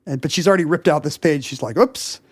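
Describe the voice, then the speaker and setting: A man's voice: fairly high pitch, rapid-fire, husky, no echo, clean studio sound. A man co-hosting a podcast, telling a story in casual chat, full of fillers and restarts. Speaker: podcast co-host.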